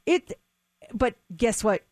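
A woman co-hosting a radio show, telling stories and reading news items in a chatty, lively way. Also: on the high side, slow pace, no room sound. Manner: chatty storyteller, animated. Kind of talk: casual radio chat and news segment. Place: radio studio. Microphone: studio mic.

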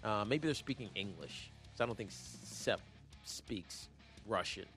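A man hosting a sports talk show, rambling and joking in a casual, animated way with lots of fillers. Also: lowish voice, measured pace, faint music behind. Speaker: sports radio host.

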